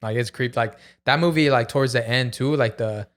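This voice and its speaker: A laid-back man co-hosting a podcast, cursing casually and laughing along with friends. His voice sits in a middle range, neither high nor low, and he drifts easily between stories. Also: fairly quick. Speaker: podcast co-host. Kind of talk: casual chat.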